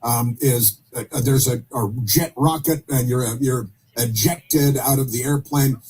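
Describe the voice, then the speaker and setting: A man hosting opinionated talk radio, speaking haltingly with many fillers and restarts and dropping sarcastic asides. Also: mid-range voice, a little mellow, breathy edge.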